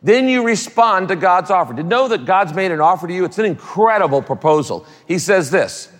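Delivering an expressive sermon a little fast, a pastor whose male voice sits fairly high leans on repeated, emphatic phrases and drops in offhand asides. The big church hall around him leaves a long, ringing reverb.

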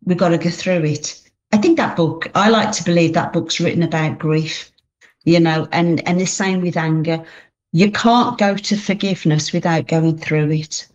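A woman's voice: on the low side, normal speed, lo-fi sound. A woman as an interview guest, speaking earnestly about faith and grief and often repeating her phrases. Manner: earnest, repeats phrases, reads own poem aloud. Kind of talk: faith interview, personal testimony.

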